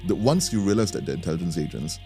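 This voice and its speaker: A man's voice: low voice, animated, fast, mellow, faint music behind. A man with a Singaporean English accent, co-hosting a podcast and telling a story in a chatty way, often restarting his sentences. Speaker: podcast co-host. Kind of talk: casual storytelling chat.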